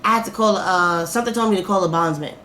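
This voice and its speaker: A young woman vlogger telling a casual storytime, animated and swearing as she acts out her own reactions. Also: on the low side, fast talker. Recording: echoey room, faint noise.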